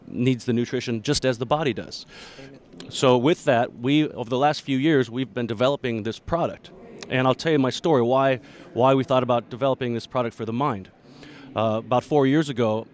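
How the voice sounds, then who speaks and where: A man who founded a company, pitching its product in an interview with earnest, halting speech full of restarts. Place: busy expo floor.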